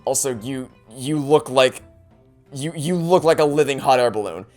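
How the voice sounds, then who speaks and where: A man commentating on a game he is playing for the first time, animated and sarcastic. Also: medium pitch, moderate pace, faint music behind. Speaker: let's play host. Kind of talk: gameplay commentary.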